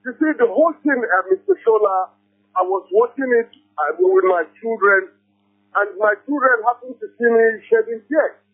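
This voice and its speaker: Nigerian man, high voice, husky, lively, impassioned, filler-heavy, tinny phone line. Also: normal speed. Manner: emotional, repetitive, hesitant with many fillers. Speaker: radio caller.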